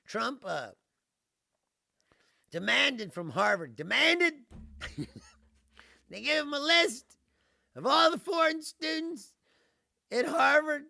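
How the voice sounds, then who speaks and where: Gravelly, bright-voiced ranting man. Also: very high-pitched, lively intonation, slow pace, pauses often, no echo, studio quality. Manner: profane, laughing often, mocking impressions. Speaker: livestream host. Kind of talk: casual ranting political monologue.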